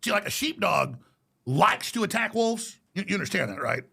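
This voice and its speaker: A man's voice: high-pitched, sing-song, moderate pace, sharp tone. A man speaking as a podcast guest, ranting in a defiant, combative way. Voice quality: gravelly. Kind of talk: heated interview talk.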